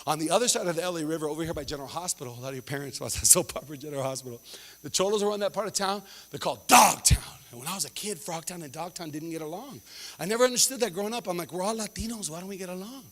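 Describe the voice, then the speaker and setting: A man works a stand-up set into a handheld mic. His voice sits high and bright, with lively swings in pitch. He laughs often and jumps into voices. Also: racing, in a large hall. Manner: animated, laughing, acting out voices. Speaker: stand-up comedian.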